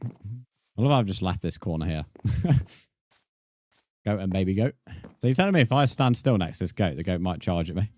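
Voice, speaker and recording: A man's voice: low voice, expressive, moderate pace, pauses often, a little mellow, no room sound. A young man streaming a game live, chatting bluntly and swearing as he bants with viewers. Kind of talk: live stream chat while gaming.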